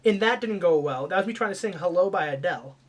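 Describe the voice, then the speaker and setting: A man doing a comedic rant, swearing and shifting from mumbled asides to mock-angry yelling. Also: high-pitched, lively intonation, fast talker, slight background noise.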